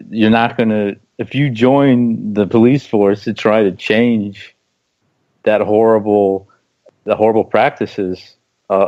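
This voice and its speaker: A man's voice: lowish voice, darkish tone. A man co-hosting a casual political discussion, talking with passion and repeating phrases for emphasis. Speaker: co-host. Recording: dull lo-fi stream audio.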